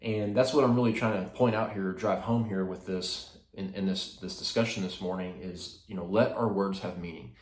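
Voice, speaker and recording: A man's voice: low-pitched, steady tone, moderate pace, hardly any pauses, roomy sound. A man hosting a casual devotional talk, speaking in a rambling way with many fillers and restarts. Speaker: host.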